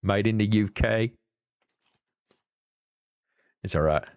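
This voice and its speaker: A man's voice: on the low side, a little fast, clean tone, no room sound, studio quality. A man with an Appalachian accent hosting a live stream and chatting casually with viewers in a folksy, rambling, salty way. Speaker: livestream host.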